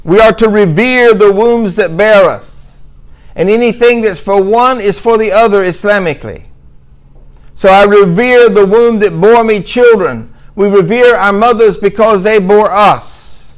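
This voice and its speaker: A middle-aged man delivers a religious lecture in a fairly high voice. He repeats key points for emphasis and slips in dry, sarcastic asides. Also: a little slow, rough recording. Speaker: Muslim speaker giving a talk.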